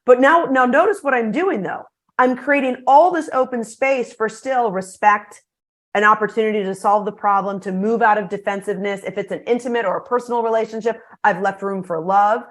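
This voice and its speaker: A middle-aged woman talks as a podcast guest, lively and animated as she explains her ideas. Her voice sits a little high for a woman, and her delivery stays bright and upbeat. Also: fairly quick. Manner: energetic, animated storytelling. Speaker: guest speaker. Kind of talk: podcast interview.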